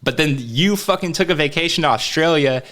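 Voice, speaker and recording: A man's voice: a little high, brisk, fairly bright tone. A young man co-hosting a podcast, rambling through swear-filled work stories in casual chat. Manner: rambling, swearing, storytelling with laughs. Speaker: podcast co-host.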